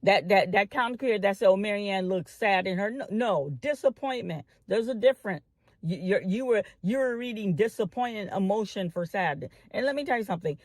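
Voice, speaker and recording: A woman's voice: mid-range voice, animated, a little fast, no room sound, studio quality. A woman commentator making an impassioned address to her online followers, repeating phrases and stalling on long "um" fillers. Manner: addresses the audience as family.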